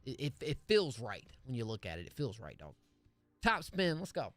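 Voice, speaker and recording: A man's voice: mid-range voice, wildly swooping pitch, moderate pace, dry recording, soft background music. A man reacting to listener songs on a stream, talking in laid-back slangy banter and calling people dog. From California. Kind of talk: casual stream commentary.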